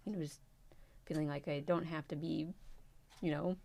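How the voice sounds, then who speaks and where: A woman's voice: sits low, steady tone, moderate pace, gravelly, a little mellow. A woman, a mother and podcast guest, chatting and laughing easily in a casual book club chat.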